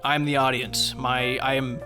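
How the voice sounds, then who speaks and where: A man's voice: medium pitch, flat delivery, unhurried, sharp tone, soft background music. A young man giving sarcastic, profane comedic commentary on a video game, ranting about its writing. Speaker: gaming commentary host.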